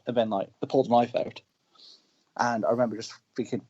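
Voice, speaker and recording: A husky-voiced man, a wrestler, talks brashly and boastfully about riling up crowds. His voice sits in the middle of the male range, and the audio is dull and lo-fi. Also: mid-range voice, fairly even intonation, quick pace, long pauses, dark tone. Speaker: wrestler guest. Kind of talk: casual interview chat.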